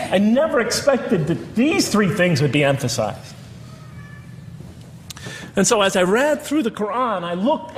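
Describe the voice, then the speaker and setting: A man's voice: high-pitched, big-room sound, a little hiss or hum. A middle-aged man giving a public talk to an audience, earnest as he quotes and tallies references. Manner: earnest, quoting and tallying references. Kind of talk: lecture to an audience.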